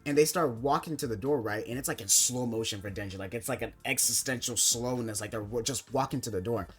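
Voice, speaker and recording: A man's voice: mid-range voice, quick pace, soft background music. A young man recapping an anime plot in casual commentary, rambling with constant filler words. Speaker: anime video essayist.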